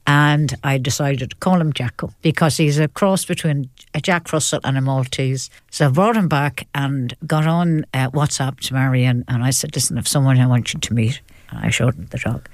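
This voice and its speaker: An older woman tells stories as a guest in a chat interview. Her telling is lively and animated, full of repetitions and laughter. The sound is close and dry. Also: a bass voice, moderate pace, dry recording. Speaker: actress and guest. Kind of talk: chatty interview storytelling.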